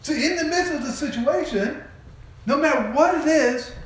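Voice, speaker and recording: A man preaching a sermon, retelling a story in an animated way and putting questions to his listeners. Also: very high-pitched, normal speed. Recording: very echoey room.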